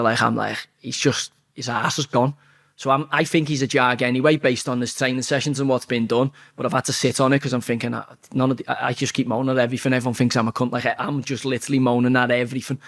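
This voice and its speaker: A man, telling a football story in a blunt, sweary, animated way during a casual interview. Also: medium pitch, fast talker.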